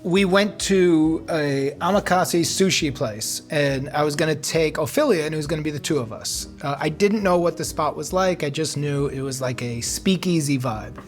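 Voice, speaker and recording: A man's voice: a little high, normal speed, hardly any pauses, soft background music. A man in his forties, a celebrity guest, chatting casually and telling a rambling story with frequent laughs. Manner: laid-back storyteller, laughs often. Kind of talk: casual chat. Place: studio kitchen.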